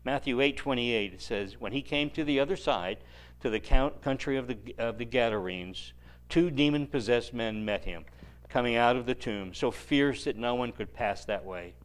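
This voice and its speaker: Male preacher, mid-range voice, lively storytelling sermon with dry humor. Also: medium pitch, moderate pace. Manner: animated storytelling with dry joking asides.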